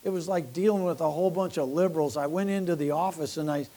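An older man, a pastor, telling church-planting stories in a folksy, animated sermon with laughs and asides. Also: fairly high pitch, fast talker. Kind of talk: sermon storytelling.

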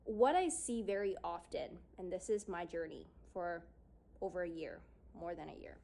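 A woman speaks straight to her audience in a loose, chatty way, full of "like" and little asides. She acts out the lines she and other people said back then. Her voice sits at an ordinary middle pitch. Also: a little mellow. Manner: casual, lots of "like", acts out her own past lines. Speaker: speaker on confidence and yoga. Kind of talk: personal storytelling talk.

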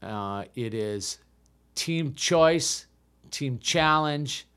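An American improv comedian in his fifties, appearing as a podcast guest, tells a self-deprecating story in casual chat and restarts often. His medium-pitched voice is animated, a bit bright and clean in tone, and he speaks very slowly.

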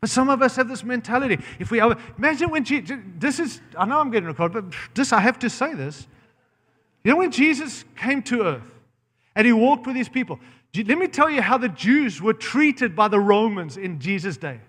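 A man's voice: very high voice, sing-song, a little fast, fairly bright tone. An American man preaching a sermon, blunt and impassioned, often breaking off mid-phrase to restart. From United States. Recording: long hall reverb.

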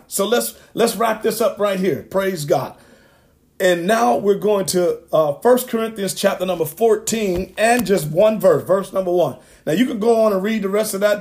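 A man's voice: sits high, darkish tone. A man preaching a sermon, emphatic and repetitive, with asides to the congregation.

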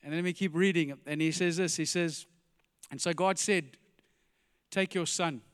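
A pastor preaching an animated sermon, firing rhetorical questions and dropping to quiet emphasis, in a church. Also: male voice, a little high, normal speed, clean tone, long reverb tail.

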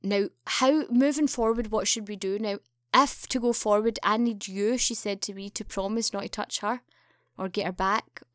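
A woman's voice: moderate pace, dry recording, clean studio sound. A young woman telling a story in casual chat, acting out the quoted lines with a lifted voice. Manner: animated, acts out quoted dialogue with raised pitch. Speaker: podcast guest.

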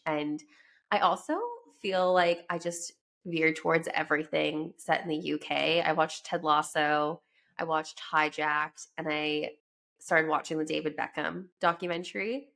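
A woman's voice: sits low, vocal fry, fairly bright tone. A young Canadian woman hosting a casual book podcast, chatty and laughing as she drifts into tangents, speaking while sick with a cold. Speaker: podcast host.

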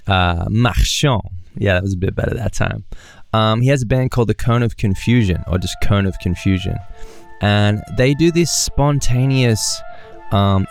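A man with an Australian accent hosting a podcast, chatting casually and upbeat, often joking at his own expense. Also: on the low side. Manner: upbeat, chatty, self-deprecating. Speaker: podcast host. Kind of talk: casual interview chat.

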